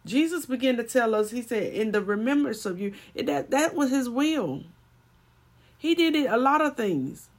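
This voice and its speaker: A woman's voice: a little high, expressive, normal speed. A woman preaching a sermon and telling a personal story, building to emphatic swells.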